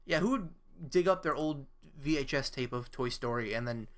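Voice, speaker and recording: A young man chatting casually on a live stream, halting and self-questioning, swearing now and then. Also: mid-range voice.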